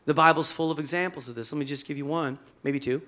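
A male pastor preaching a sermon in a conversational, animated storytelling manner. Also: on the high side, quick pace.

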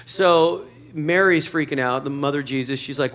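A man's voice: a little high, moderate pace, a bit bright. A man preaching a sermon to a church congregation, conversational and joking, acting out short quotes. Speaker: pastor.

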